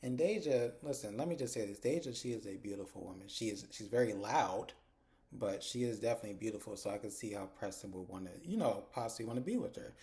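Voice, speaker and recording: A man casually recapping a TV episode, retelling scenes in an animated, profane way. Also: on the low side, fast talker. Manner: animated retelling, slips into characters' lines, profane. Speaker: TV episode reviewer.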